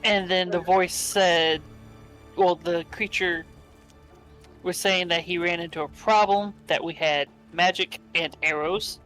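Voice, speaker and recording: A player describing a character's actions in a tabletop role-playing game, casual and pausing to search for words. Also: mid-range voice, fairly even intonation, a bit bright, soft background music, poor audio.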